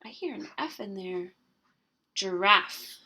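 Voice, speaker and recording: A woman teaching an early-grade writing lesson, slowly stretching out the sounds of words and coaxing answers with gentle questions. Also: fairly high pitch, sing-song. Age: adult.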